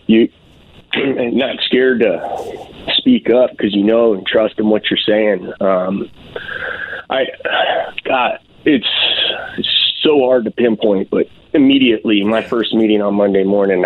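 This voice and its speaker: A man calling in to a talk show, speaking in a heartfelt, halting way with many fillers. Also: fairly low pitch, fairly even intonation, no room sound. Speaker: caller, former client. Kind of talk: phone-in interview. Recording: tinny phone line.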